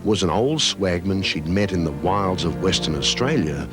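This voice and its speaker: A man giving scripted documentary narration in a measured, solemn manner. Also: low-pitched, lively intonation. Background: background music.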